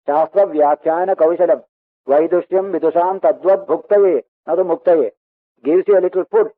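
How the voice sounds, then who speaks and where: Indian-accented monk, earnest lecture on a tinny recording. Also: male voice, high voice, no echo. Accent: Indian English. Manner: earnest, emphatic, repeats key words, recites Sanskrit verses. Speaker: monk teacher. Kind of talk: spiritual discourse on scripture.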